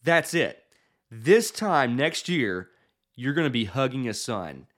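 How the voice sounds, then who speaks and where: An old prophet speaks with calm, firm authority in a slightly raised voice. A male preacher voices him while telling the story. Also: on the high side, moderate pace, lightly acted. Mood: assuring. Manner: firm, reassuring.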